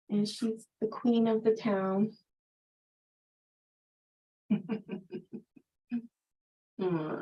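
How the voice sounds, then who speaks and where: A woman's voice: on the high side, creaky, darkish tone, poor audio. Chatty middle-aged woman who laughs often. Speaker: spiritual teacher. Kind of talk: casual storytelling on a livestream.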